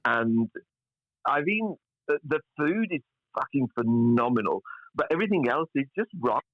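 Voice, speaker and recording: A man's voice: mid-range voice, sing-song, normal speed, dry recording. A man, a chef guest talking bluntly and swearing freely in a casual podcast chat. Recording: dull lo-fi sound.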